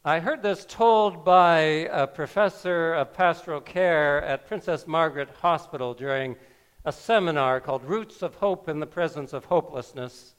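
A man preaching a sermon, telling a scripture story slowly with wry asides. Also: fairly high pitch, smooth. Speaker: pastor.

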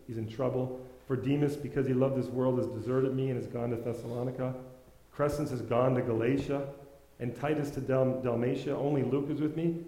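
A man preaching a sermon, telling stories and acting out the voices of the people in them, swinging from quiet narration to loud exhortation. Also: mid-range voice, reverberant, low-quality recording.

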